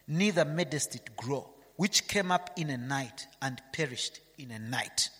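A man's voice: mid-range voice, animated, unhurried, a bit bright, slightly rough, in a large hall. A man preaching a sermon, reading scripture aloud and asking his listeners rhetorical questions.

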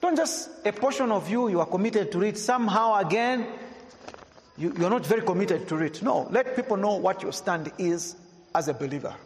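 A man preaching a sermon to a congregation, emphatic, slowing down to read scripture and repeating questions to his listeners. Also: high-pitched, expressive. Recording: echoey hall with long reverb.

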